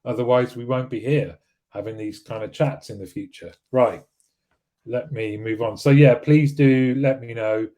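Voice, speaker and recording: His voice is medium in pitch with a dark tone, fairly even intonation, and a moderate pace. As host of a weekly live stream, he chats casually and reads viewer comments, rambling with frequent restarts and fillers.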